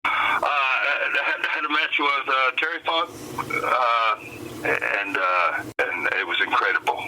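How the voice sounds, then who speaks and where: An older man, a wrestling manager, telling stories in a casual interview with a folksy, animated delivery. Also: mid-range voice, slow, background noise. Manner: animated storyteller with laughs and Southern folksy phrasing. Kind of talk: storytelling interview.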